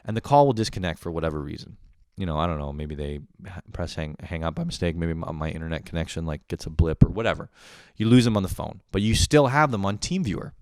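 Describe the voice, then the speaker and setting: A man's voice: low voice, fast talker, darkish tone, dry recording, studio quality. A young man casually telling funny work stories on his podcast, swearing and laughing, breaking into squealing impressions. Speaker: podcast host. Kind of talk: casual solo storytelling.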